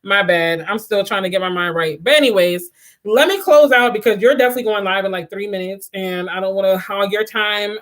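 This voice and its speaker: A young woman hosts a relaxed livestream, chatting straight to her viewers and breaking into laughter often. Her voice is bright and lively. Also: medium pitch. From Washington, DC area. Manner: animated, laughs often, addresses viewers as y'all. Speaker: livestream host. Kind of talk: casual livestream chat.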